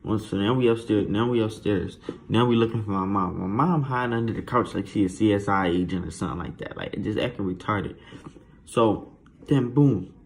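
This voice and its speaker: A man spins a childhood story in a casual, slangy, animated flow. His voice sits somewhat low, and faint noise hangs in the background. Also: brisk, gravelly.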